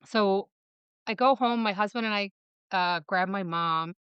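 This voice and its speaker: A woman from Michigan with a smooth, mid-range voice speaks as a podcast guest, recorded lo-fi with no room sound. She rushes through a personal story, quoting other people along the way and saying "like" constantly.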